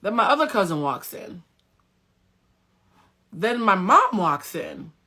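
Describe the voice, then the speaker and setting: A woman telling a story on a livestream in a casual, animated and dramatic way, swearing freely. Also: medium pitch, slow pace, husky.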